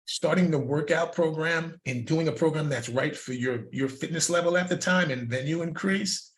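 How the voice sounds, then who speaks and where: An older man, a fitness coach, giving a casual lesson and telling stories in a lively way, with laughs and repeated words. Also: fairly high pitch, normal speed, a little hiss or hum. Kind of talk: casual instructional talk. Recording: roomy echo.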